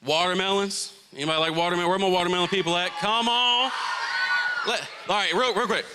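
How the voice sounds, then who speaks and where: A young man with a Southern US accent preaching to a youth group, animated and joking with the crowd between points. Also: high-pitched, racing, background noise. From Florida. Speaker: youth pastor. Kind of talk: youth sermon.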